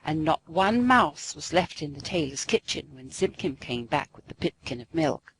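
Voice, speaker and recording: A woman narrating a classic storybook aloud in an expressive, sing-song way. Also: deep voice, normal speed, slight background noise, poor audio.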